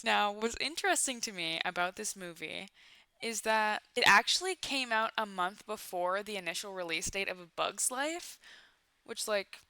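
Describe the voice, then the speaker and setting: Bright, sarcastic young woman commentator. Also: medium pitch, smooth, dry recording. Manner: sarcastic, playful asides. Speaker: YouTube commentary host. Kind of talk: casual comedic movie commentary.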